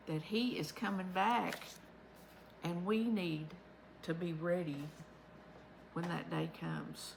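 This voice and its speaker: A woman's voice: lowish voice, fairly even intonation, slow, creaky, long pauses, a little hiss or hum, low-quality recording. A woman giving a chatty, homespun devotional talk as the host of her own vlog, recorded at home.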